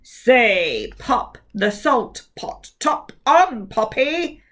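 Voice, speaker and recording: A woman voicing a boastful male talking mouth in a storybook, loud and drawn-out. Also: fairly high pitch, big pitch swings, exaggerated voice. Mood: taunting.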